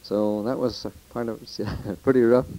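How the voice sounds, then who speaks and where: A man's voice: on the low side, fairly even intonation, moderate pace, mellow, poor audio. An older man telling rambling, folksy stories of the old days into a taped letter, with restarts and quoted voices. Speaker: storyteller recording a taped letter. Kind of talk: casual spoken reminiscence.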